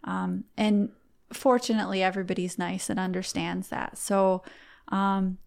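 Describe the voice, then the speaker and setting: A middle-aged woman, a guest on a podcast, telling a personal story in a heartfelt, halting way with frequent restarts. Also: medium pitch, level tone, creaky, a little mellow. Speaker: podcast guest, competitive archer.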